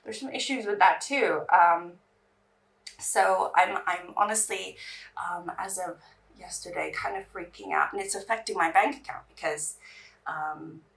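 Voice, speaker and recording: A woman's voice: lowish voice, measured pace, vocal fry, fairly bright tone. Chatty woman, slightly distant mic. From England. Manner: chatty, rambling, restarts sentences. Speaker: beauty vlogger. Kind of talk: casual chat while doing makeup.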